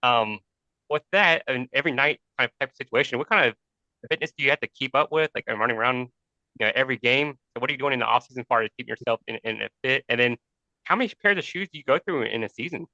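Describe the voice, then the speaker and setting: A man co-hosting a sports podcast, asking his questions in a halting, hesitant way with many fillers. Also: medium pitch, bright, forceful tone, dry recording, lo-fi sound. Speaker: podcast co-host. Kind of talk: casual interview.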